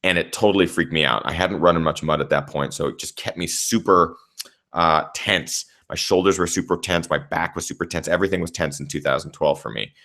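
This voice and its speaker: A young man, a trail runner and channel host, recapping a race in casual, animated storytelling, swearing freely. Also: low-pitched, fairly quick.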